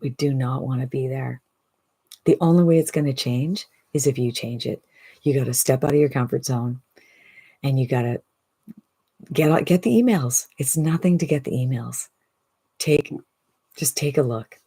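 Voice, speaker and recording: A woman in her sixties giving an enthusiastic, persuasive direct-to-camera sales pitch as an online business coach, often asking "right?". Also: moderate pace, long pauses, warm tone, slightly rough. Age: 60s.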